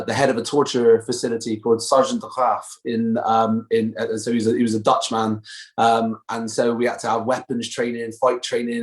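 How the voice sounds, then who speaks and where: A man with a Bristolian accent talks loosely and at length as an interview guest. He restarts his sentences often and leans on fillers while he chats. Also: medium pitch. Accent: Bristolian English. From Bristol, England. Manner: chatty, many fillers and restarts. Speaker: guest actor. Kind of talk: casual interview chat.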